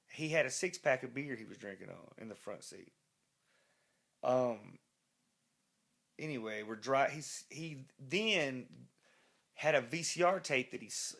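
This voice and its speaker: A man's voice: mid-range voice, gravelly, a bit bright. A man, a rock musician being interviewed, telling a rambling, profane anecdote full of restarts. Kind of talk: casual storytelling interview.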